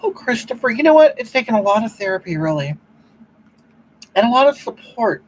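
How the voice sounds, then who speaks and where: Speaking a little fast in a sing-song voice, a performer plays a self-righteous older woman who preaches about love on her livestream while reading the chat. Gushing and rambling, she keeps saying "you know what?" and her pitch swoops up and down. The recording is low quality, and the piece is a comedic improvised livestream monologue.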